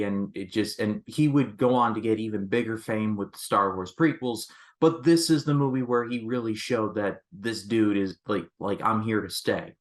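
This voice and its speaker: A man talking through a movie review in a casual, chatty way, with lots of "like"s and restarts. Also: lowish voice. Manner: chatty and expressive, with frequent "like"s and restarts.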